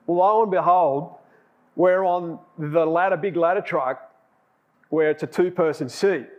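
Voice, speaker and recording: Chatty man preaching, fairly high. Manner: chatty storyteller, laughs at himself. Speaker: lay preacher. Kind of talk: sermon with personal anecdotes.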